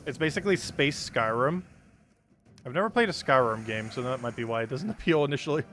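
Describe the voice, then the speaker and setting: Brief: a man streaming a game, pitch jumping about as he talks, chatty, answers viewers, laughs easily, soft music underneath. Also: animated, fairly quick. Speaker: live streamer. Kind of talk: casual gameplay commentary.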